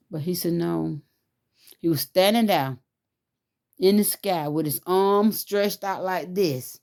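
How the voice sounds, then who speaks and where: Low, mellow-voiced woman giving testimony. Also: a little slow, creaky. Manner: fervent, pleading, rising to cries. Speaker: testimony speaker. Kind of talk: religious testimony.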